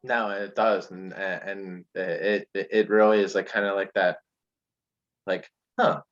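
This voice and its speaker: A man's voice: deep voice, fairly even intonation, measured pace. A man guesting on a podcast, telling a story in casual chat and acting out quotes with lots of fillers. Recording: dull lo-fi sound.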